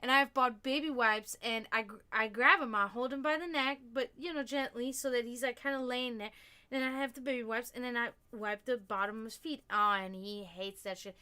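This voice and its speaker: Bright, chatty woman streamer. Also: a little high, fairly even intonation, brisk, clear, resonant tone. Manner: chatty and rambling, with frequent fillers and swearing. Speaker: livestream host. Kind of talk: casual chat with stream viewers.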